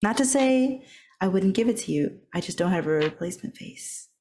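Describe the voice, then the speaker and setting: A woman's voice: medium pitch, animated, normal speed, dark tone, a little hiss or hum. A woman playing a tabletop game in a playful, chatty way. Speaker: player. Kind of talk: casual tabletop game play.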